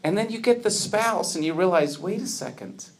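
The pastor here has a high, expressive voice and a moderate pace. Earnestly addressing his congregation, he asks rhetorical questions and works his sermon up to emphatic peaks.

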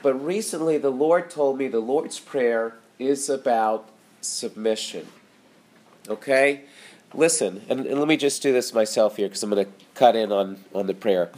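A man's voice: medium pitch, a little slow, darkish tone. A middle-aged male pastor giving a conversational sermon and praying aloud, with fillers and tag questions. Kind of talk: sermon with spoken prayer.

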